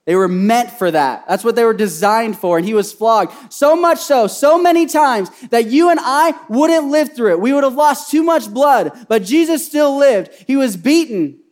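High-voiced animated male preacher. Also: normal speed, few pauses. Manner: animated storytelling, swings between loud and soft. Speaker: pastor. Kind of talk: sermon.

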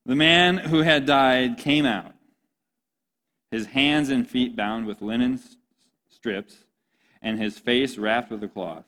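A man's voice: medium pitch, slow, long pauses, bright, forceful tone, slight background noise. An impassioned man preaching a sermon to a young crowd. He speaks earnestly in a mid-range voice and keeps turning to his listeners directly as "guys." He sounds like a youth pastor pleading with his group.

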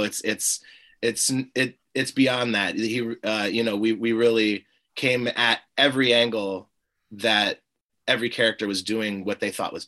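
A man, a film director, answering in an interview in a measured, hesitant way. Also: lowish voice, bright, forceful tone. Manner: measured, hesitant, restarts phrases.

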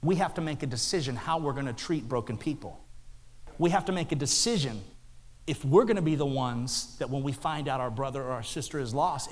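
A middle-aged man preaching a sermon as a pastor, telling jokey stories and bantering with the congregation. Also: medium pitch. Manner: animated, joking storytelling with the congregation. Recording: long hall reverb, faint music.

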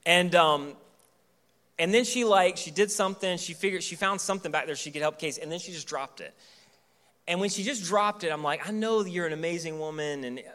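A man's voice: high voice, fairly quick, bright, forceful tone. A man in his thirties, a pastor preaching a sermon in church in a casual, joking storytelling way.

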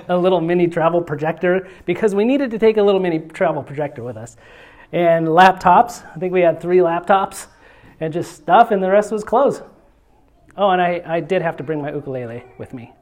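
A man from the United States preaching a casual sermon. He is chatty and self-deprecating and speaks straight to the audience. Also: sits high.

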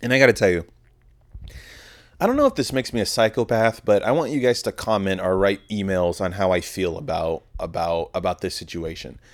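A man's voice: low voice, lively intonation, fairly quick. Rambling, swearing young man. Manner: rambling and heavily profane. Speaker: podcast host. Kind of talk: casual solo monologue.

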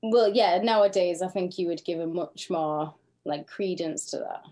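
A woman's voice: lowish voice, moderate pace, noisy background. A woman co-hosting a podcast, chatting casually and bluntly, sometimes swearing. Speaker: podcast co-host.

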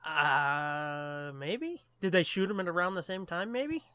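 A man co-hosting a casual movie commentary, playful and jokey, quick to tease his co-host. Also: a little high, bright, forceful tone, clean tone, no room sound. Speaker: podcast co-host.

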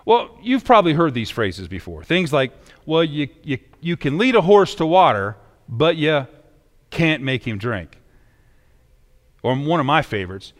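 A man's voice: on the high side, a bit bright. Preaching man in a reverberant sanctuary. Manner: reads scripture then preaches conversationally with emphatic inflection. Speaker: pastor. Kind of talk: sermon.

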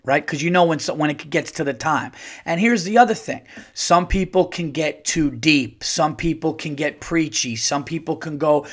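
A middle-aged man telling a story in casual chat as a podcast host, animated and swearing, often repeating and restarting his words. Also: on the high side, normal speed.

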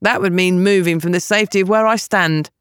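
A woman voicing a gruff, sardonic young man who grumbles bluntly and uses rough slang. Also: fairly low pitch, a little fast, no room sound, clean studio sound, lightly acted. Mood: dry.

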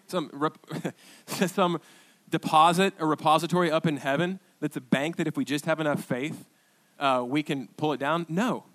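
Guy pastor preaching, kinda high voice, rambly storytelling w/ lots of restarts that builds into punchy repeated lines. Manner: storytelling with many restarts and asides, rising to emphatic repeated declarations. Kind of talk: sermon.

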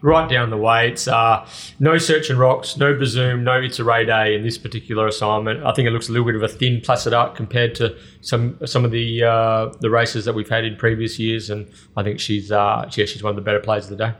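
A man's voice: medium pitch, flat delivery, fairly quick, fairly bright tone. An Australian man co-hosting a racing podcast, easygoing as he rambles through race previews. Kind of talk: casual tipping chat.

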